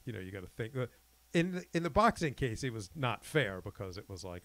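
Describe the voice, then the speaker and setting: A man co-hosting a casual podcast chat, talking in a chatty, halting way and acting out little quotes. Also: medium pitch, sing-song, a bit bright. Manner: chatty, hesitant, with frequent restarts and acted-out quotes. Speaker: podcast co-host.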